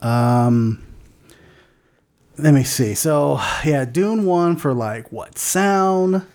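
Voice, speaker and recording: A woman's voice: deep voice, extremely slow, a little mellow. A woman co-hosting a movie podcast, rambling casually with lots of fillers and laughter. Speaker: podcast co-host. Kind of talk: casual chat.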